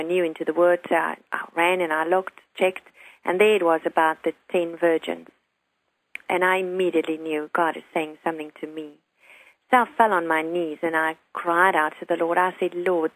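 Low-voiced woman giving earnest testimony. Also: dry recording, low-quality recording. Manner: earnest storytelling, quoting her son in a hushed voice. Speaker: guest. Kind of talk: personal testimony on a talk show.

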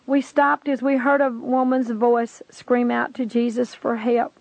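A woman with a gravelly, fairly high voice preaches her testimony in an earnest, pleading way. The recording is a dull lo-fi tape, dry and close with no room sound. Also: steady tone, normal speed, few pauses, no room sound. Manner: earnest, pleading, emotional storytelling. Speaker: testimony speaker.

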